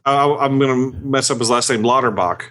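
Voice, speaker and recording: Regular-pitched guy on a podcast call, kinda hesitant, fumbles for words. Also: brisk, fairly bright tone. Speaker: podcast co-host. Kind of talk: casual chat over a video call. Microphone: video call.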